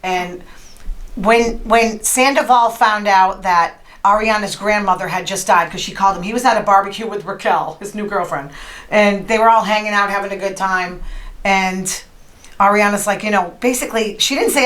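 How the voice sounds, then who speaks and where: A woman's voice: mid-range voice, normal speed, fairly bright tone. An opinionated woman hosts her podcast in a casual gossip monologue, retelling stories and dropping into quoted lines. Her voice sits in a middle register. The room around her is echoey. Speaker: podcast host.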